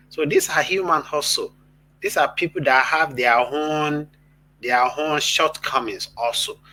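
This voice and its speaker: Slow, husky male host. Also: medium pitch, bright, forceful tone, low-quality recording. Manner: measured, explaining, pauses with fillers. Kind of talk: casual commentary.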